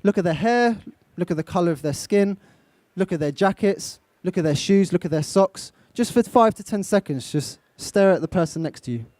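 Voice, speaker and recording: A man's voice: high-pitched, expressive, normal speed, hardly any pauses, a little mellow, no echo. A young man from England giving a live motivational talk, direct and coaching, putting questions to his audience. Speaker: motivational speaker. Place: event stage.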